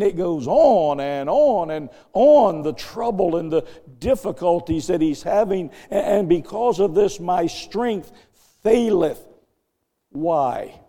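An older male pastor delivers a sermon in a fairly high, mellow voice. He repeats words and phrases, his volume swelling and sinking. The sound carries the long reverb of a church hall.

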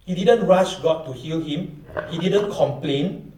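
A man's voice: on the high side, a little slow, mellow, distant mic, slight background noise. Man preaching a sermon in an echoey room. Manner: reads scripture aloud, acts out voices of questioners.

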